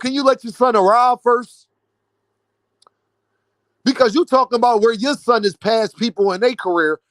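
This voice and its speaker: A man's voice: sits high, fairly bright tone, dry recording. A man ranting about boxing to his viewers, mocking and incredulous. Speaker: boxing commentary vlogger. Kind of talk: animated boxing rant.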